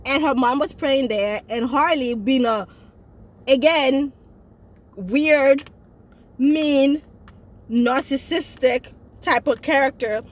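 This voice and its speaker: A woman's voice: high-pitched, slow pace, pauses often. A woman in casual chat, reviewing a movie and talking straight to her viewers in an emphatic way.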